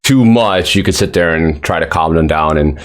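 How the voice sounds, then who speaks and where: A man hosting a live-stream interview, talking in an animated, rambling way with casual swearing. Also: a bass voice, moderate pace. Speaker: interview host.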